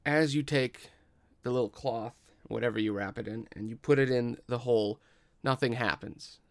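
A man running a tabletop game as game master, with slow, dramatic narration and casual asides. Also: mid-range voice, vocal fry, no echo.

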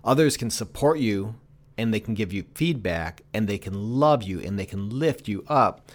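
Low-voiced earnest pastor. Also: male voice, expressive, normal speed. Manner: earnest, emphatic. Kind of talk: reflective conversation.

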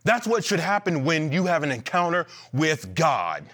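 A man preaching an animated, emphatic sermon to a church, repeating lines and joking between points. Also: fairly high pitch, normal speed. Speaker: pastor.

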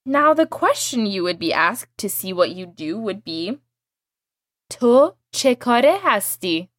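A woman teaching a language lesson, explaining words patiently and clearly and modeling each one for her student to repeat. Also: mid-range voice, very animated, normal speed, no echo, clean studio sound.

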